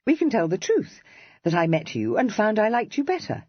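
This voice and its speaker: A woman's voice: medium pitch, wildly swooping pitch, no echo, dull audio, voice pushed up. A narrator voicing Cressy, a witty, playful young woman of the Regency era, read in an audiobook. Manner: playful, teasing, quick-witted. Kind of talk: audiobook character reading.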